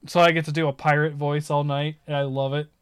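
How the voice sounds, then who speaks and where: A man chatting casually about games, rambling and animated as he tells stories. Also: on the high side, fast, smooth, no echo, studio quality. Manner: rambling, animated storytelling with laughs.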